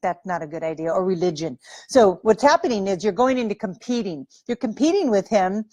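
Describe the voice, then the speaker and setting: A woman's voice: medium pitch, lively intonation, fairly quick, a little mellow, no room sound. Breezy woman dating coach, dry sound. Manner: breezy, playful, acts out sample lines. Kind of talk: direct-to-camera dating advice.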